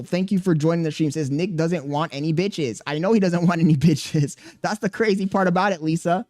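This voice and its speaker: A man streaming live and commenting on clips in an animated, exclaiming way. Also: a little high, brisk, few pauses, dry recording. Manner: animated, laughing, exclaims often. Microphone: streaming studio mic.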